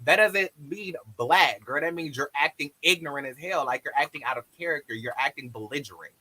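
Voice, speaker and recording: A man hosting a casual group chat, talking emphatically and breaking into quick animated asides. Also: mid-range voice, poor audio.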